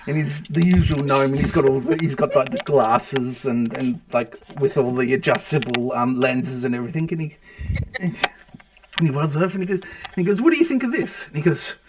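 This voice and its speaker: A man narrating as the game master of a tabletop game, halting, with many fillers and restarts. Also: mid-range voice, steady tone, background noise.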